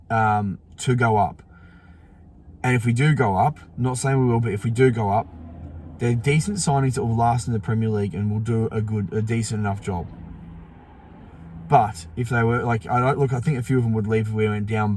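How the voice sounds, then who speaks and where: Outside in the morning sun, a sleepy, yawning fan-channel host talks football in a relaxed way. His voice is medium-pitched and a little mellow, and he often restarts and fills pauses.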